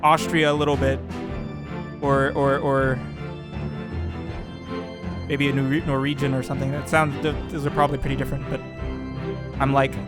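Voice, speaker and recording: A man's voice: medium pitch, little pitch movement, normal speed, long pauses. A man hosting a let's play, commenting casually on a puzzle game and thinking aloud in rambling, restarting sentences. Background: background music.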